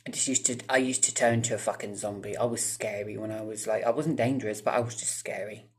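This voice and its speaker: A man's voice: on the low side, fairly even intonation, fast, darkish tone. A man, telling a rambling storytime to his viewers, swearing freely and breaking off into asides. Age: 30s. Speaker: vlogger. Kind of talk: casual storytime monologue.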